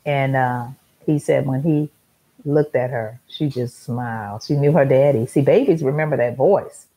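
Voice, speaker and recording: A woman's voice: a bass voice, measured pace, warm tone, husky, low-quality recording. A middle-aged woman hosting a talk show, telling a story in an emphatic, repetitive monologue.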